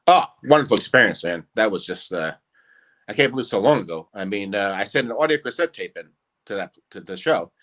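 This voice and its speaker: A man's voice: fairly low pitch, animated, a little fast, fairly bright tone. Brief: male guest impressionist, rambling and hesitant, casual interview chat. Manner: rambling, hesitant, many fillers.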